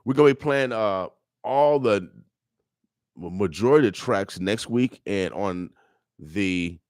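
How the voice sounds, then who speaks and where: A man's voice: lowish voice, lively intonation, slow, a little mellow, no room sound. An older man speaking on a radio show in a studio, preaching and joking, repeating himself in casual street talk. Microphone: studio microphone.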